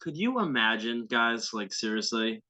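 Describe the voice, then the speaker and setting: A man's voice: medium pitch, sing-song, measured pace, pushed and bright. A man hosting a podcast, delivering heated, profane, sarcastic commentary on a viral video clip. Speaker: podcast host. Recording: dull lo-fi sound.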